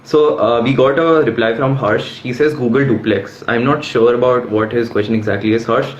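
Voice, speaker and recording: A man's voice: medium pitch, fairly even intonation, normal speed. A man hosting a live session, politely reading out audience questions to his guest. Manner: polite, addresses guest as sir. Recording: roomy lo-fi live stream with faint noise.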